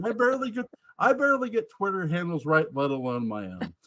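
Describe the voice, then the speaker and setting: Male podcast host, lively pitch swings, casual and chatty. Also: a little fast. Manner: animated, laughing, swears casually.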